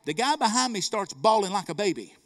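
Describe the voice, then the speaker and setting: A man's voice: high voice, very animated, fairly quick, a bit bright. A middle-aged man preaching a sermon, telling stories with fervor and calling out to the congregation. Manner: fervent storytelling, calls to the congregation.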